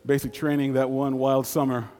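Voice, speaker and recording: A man in his fifties telling a personal story in a folksy, conversational way with dramatic pauses. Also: mid-range voice, little pitch movement, dark tone, in a large hall, faint music behind.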